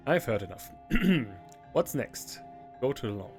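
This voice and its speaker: A man from Germany casually reading a text game aloud and commenting, chuckling and thinking out loud. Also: mid-range voice, very animated, takes it slowly, faint music behind. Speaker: let's play streamer.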